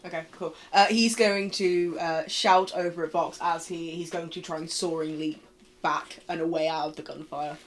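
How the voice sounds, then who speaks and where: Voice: medium pitch, steady tone, normal speed, a little hiss or hum. A player in a tabletop role-playing game, eagerly describing a character's actions. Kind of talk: casual tabletop game play.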